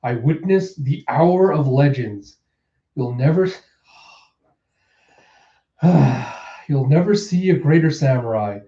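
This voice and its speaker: A man's voice: mid-range voice, expressive, slow, pauses often, dark tone, roomy sound, distant mic, highs cut off. A man voicing an earnest, proud young male warrior while reading a comic aloud, close to his own voice.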